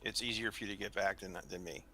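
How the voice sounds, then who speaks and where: A man's voice: lowish voice, steady tone, fast, pushed and bright, a little hiss or hum. A man playing a tabletop game, chatting casually and stumbling over his words. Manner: hesitant, repeats words. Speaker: player.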